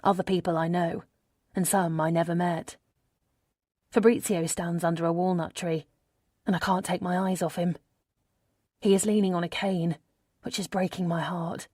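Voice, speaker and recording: A woman narrating a first-person audiobook in a measured, intimate storytelling manner on a close studio mic. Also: lowish voice, flat delivery, a little mellow, no room sound.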